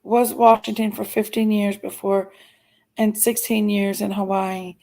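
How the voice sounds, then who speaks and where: In a low-quality recording, a middle-aged woman speaks in a mid-range, gravelly, dark voice with little pitch movement. As livestream host she chats casually and reads out viewer comments, playful and chatty, with drawn-out exclamations.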